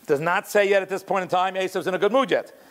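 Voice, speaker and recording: A man teaching a Torah class in an animated way, explaining commentary, restarting often and mixing in Hebrew terms. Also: high voice, quick pace.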